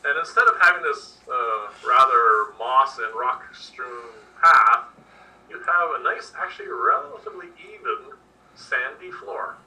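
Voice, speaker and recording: A man's voice: mid-range voice, lively intonation, unhurried, sharp tone. A man narrating as game master, describing scenes in an easygoing way with lots of fillers. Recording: distant mic with faint noise.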